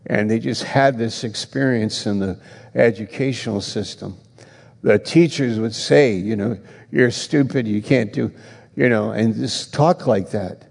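Slow, gravelly-voiced preacher man. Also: on the low side, darkish tone, in a large hall. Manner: slow, earnest, rising for emphasis. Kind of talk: sermon with prayer.

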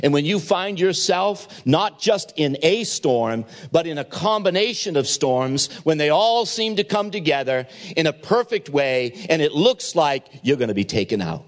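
A man preaching a sermon at an evening chapel service, acting out the people in his stories with lively changes of voice. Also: on the high side, normal speed, hardly any pauses. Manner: expressive preaching, acts out dialogue. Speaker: pastor.

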